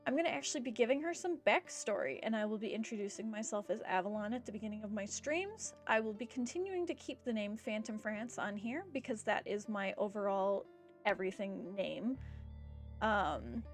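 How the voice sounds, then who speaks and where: A woman's voice: mid-range voice, expressive, brisk, faint music behind. A woman streamer chatting casually as she signs off, rambling with fillers and a bout of hiccups. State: has the hiccups. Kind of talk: casual stream sign-off chat.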